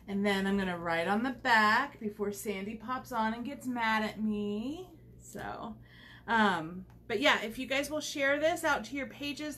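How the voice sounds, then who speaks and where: A woman's voice: fairly high pitch, fairly bright tone, slight background noise. Chatty woman demonstrating a craft live. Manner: chatty, rambling, with frequent fillers. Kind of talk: casual livestream tutorial.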